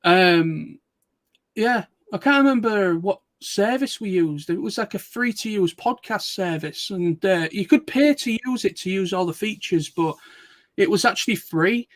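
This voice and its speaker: High-voiced man telling rambling stories. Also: lively intonation, measured pace, no room sound. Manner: rambling, laughing storyteller with frequent restarts. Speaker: streamer. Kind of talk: casual chat.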